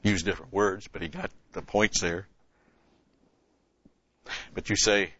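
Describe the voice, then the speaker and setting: A man teaching a conversational Bible-study sermon, emphatic, rising in pitch and volume on key points and asking rhetorical questions. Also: fairly even intonation, measured pace, pauses often, bright, forceful tone, slightly rough, no room sound, highs cut off.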